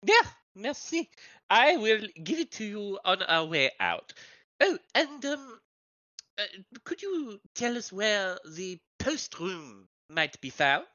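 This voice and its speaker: A woman's voice: medium pitch, big pitch swings, takes it slowly, a bit bright, dry recording, voice pushed up. A woman voicing a polite, inquisitive female journalist with a put-on French accent and formal, flowery phrasing. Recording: dull lo-fi dry sound.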